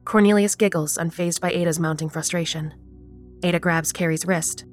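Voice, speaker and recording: Low-voiced woman narrating horror. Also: steady tone, moderate pace, soft background music.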